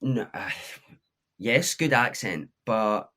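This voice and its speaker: A man on a podcast giving measured, hesitant opinions on a film performance. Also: fairly low pitch, lively intonation, a bit bright. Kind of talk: casual film chat.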